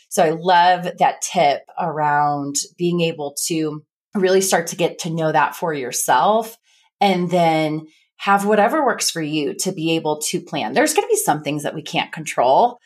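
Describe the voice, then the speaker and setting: Lively Midwestern woman host, lowish voice. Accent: American Midwest. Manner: animated, acts out her own quotes. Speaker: podcast host. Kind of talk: casual podcast chat.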